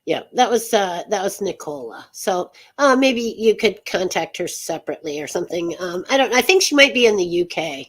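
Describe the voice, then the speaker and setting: A woman's voice: mid-range voice, lively intonation, fairly quick, hardly any pauses, a bit bright, slightly rough. A woman hosting an interview show, chatty and rambling, laughing often between remarks. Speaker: host. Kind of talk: casual chat show interview.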